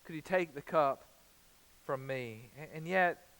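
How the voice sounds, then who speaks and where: Male pastor, relaxed chatty sermon delivery with dramatic quotes, voice a touch high, echoing sanctuary. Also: measured pace. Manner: conversational preaching, dramatizes quotes with rising emphasis.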